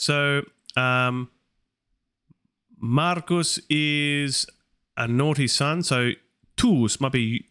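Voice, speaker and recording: A Latin learner hosts a live study stream, puzzling over translations aloud and questioning himself as he goes. His mid-range voice is very slow, pushed, bright and clean, with frequent pauses.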